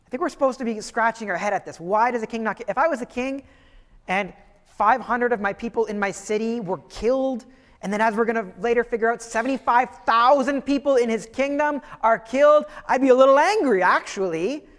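A man delivers a sermon in a high voice that carries a long reverb, as if in a large hall. He preaches conversationally, tossing rhetorical questions at the listeners. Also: a little fast, fairly bright tone. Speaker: pastor.

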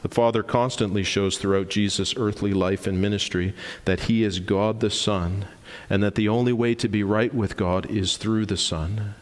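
A man preaching a sermon as pastor, earnest and emphatic, slowing down and repeating lines for stress. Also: lowish voice, fairly even intonation. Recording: long reverb of a large hall.

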